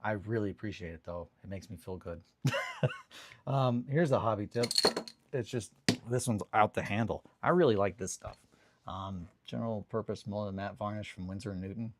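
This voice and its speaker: A man's voice: fairly low pitch, normal speed, a little mellow, a little hiss or hum. A young man hosting a morning hobby show, telling a rambling story in a casual, self-deprecating way with the odd swear. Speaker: hobby stream host. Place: home hobby desk.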